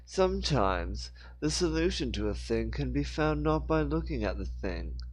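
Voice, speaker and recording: A man voicing a pedantic male mayor who lectures slowly and at length, in a raised voice. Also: medium pitch, very animated, voice pushed up, low-quality recording. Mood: lecturing.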